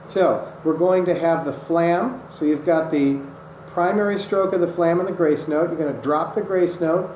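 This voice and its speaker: A man teaching drumming technique, patient and methodical, calling out strokes as he demonstrates them. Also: fairly high pitch. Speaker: drum instructor. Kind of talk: instructional demonstration. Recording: echoey room with loud noise. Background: drumming on a practice surface.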